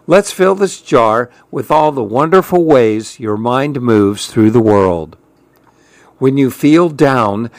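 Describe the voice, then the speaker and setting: A man reading a children's picture book aloud in a gentle, playful way. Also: medium pitch, no room sound. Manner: gentle, playful, slow storytelling. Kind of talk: storybook read-aloud.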